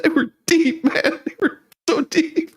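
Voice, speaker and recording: A man's voice: very high voice, fairly even intonation, a little slow, slight background noise, pitched above the performer's own voice. A man playing a scandalized male official.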